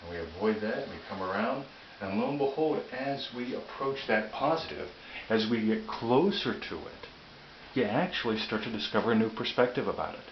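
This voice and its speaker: A man's voice: on the low side, expressive, moderate pace. A man hosting a motivational talk, earnest and prone to restarting his phrases. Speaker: motivational video host. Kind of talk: whiteboard-style motivational talk. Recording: echoey room, dull lo-fi audio with faint hiss.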